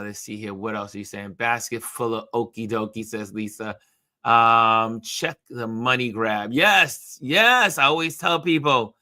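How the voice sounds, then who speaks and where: Guy hosting a livestream, reading comments out loud, repeats stuff, bright punchy voice. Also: medium pitch, dry recording, clean studio sound. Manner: chatty, repeats phrases for emphasis. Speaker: livestream show host. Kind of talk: casual chat reading viewer comments aloud.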